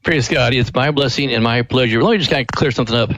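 A man, the director of a ministry, telling its founding story in a radio interview, earnest and lively with quoted voices. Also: medium pitch, fast, no room sound, rough recording.

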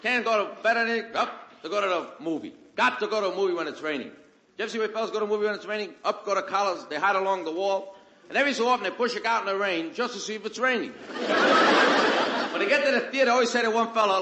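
A man's voice: sits high, quick pace, noisy background. A man doing stand-up, telling a streetwise story and acting out the characters' lines. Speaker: stand-up comedian. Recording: roomy live stage recording with loud audience laughter. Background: audience laughter.

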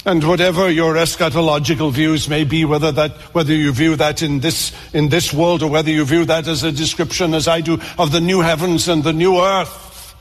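A man's voice: a little high, fairly even intonation, brisk. A man preaching a sermon to a congregation, earnest and repetitive, often restarting his words. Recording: long reverb of a large hall.

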